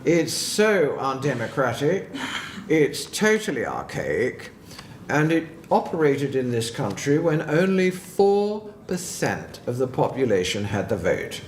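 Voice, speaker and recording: A man giving a formal political speech, deliberate and emphatic. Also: mid-range voice, big pitch swings. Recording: echoey room, faint background noise.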